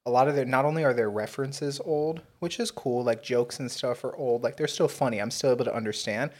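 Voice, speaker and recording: A man's voice: mid-range voice, a little fast. A young man from Texas co-hosting a podcast, chatting casually, blunt and laughing often, swearing freely. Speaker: podcast co-host. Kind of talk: casual chat.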